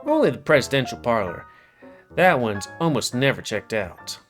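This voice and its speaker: A man's voice: mid-range voice, very animated, moderate pace, fairly bright tone, faint music behind. A man voicing an unflappable female squirrel barmaid in a put-on Scottish accent, chirpy and clipped, reading a visual novel aloud. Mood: brisk. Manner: chirpy, clipped, says "aye" often.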